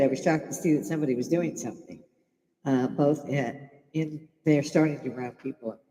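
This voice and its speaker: A woman's voice: lowish voice, mellow. Blunt older woman in a reverberant room. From Chicago. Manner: blunt and profane, laughing often. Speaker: livestream host. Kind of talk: casual opinionated livestream chat.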